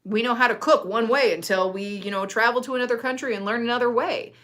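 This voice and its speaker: A woman's voice: on the high side, fast, fairly bright tone. A woman herbalist giving casual advice in a chatty, earnest way, with frequent fillers and restarts. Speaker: herbalist host.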